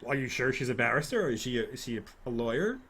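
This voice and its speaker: A man's voice: medium pitch, sing-song, very fast, a bit bright, husky, exaggerated voice. A man voicing a curious, polite male barrister who keeps stammering as he asks questions. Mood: puzzled.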